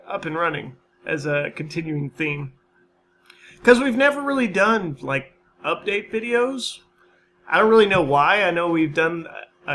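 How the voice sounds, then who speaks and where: A man's voice: fairly high pitch, bright, forceful tone, a little hiss or hum. A man hosting a gaming channel, chatting casually through a let's-play and a channel update, rambling, self-mocking and swearing freely.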